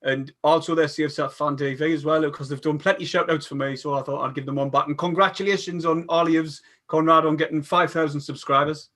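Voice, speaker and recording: A man's voice: on the high side, steady tone, fast talker, few pauses, a bit bright. A man, hosting a casual football chat and stumbling over restarts as he reads viewer comments aloud. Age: 40s. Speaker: podcast host.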